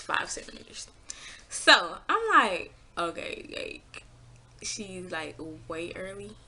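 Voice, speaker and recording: Animated bright-voiced young woman vlogger. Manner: animated, acts out her own past lines with big pitch jumps; blunt, swears freely. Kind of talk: casual storytime.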